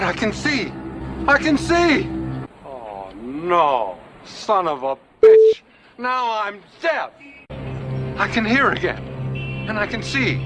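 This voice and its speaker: An actor playing a dazed man who has just regained his sight and hearing, exclaiming in halting bursts in a film clip. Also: sits high, full character voice. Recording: film clip with loud music, distant.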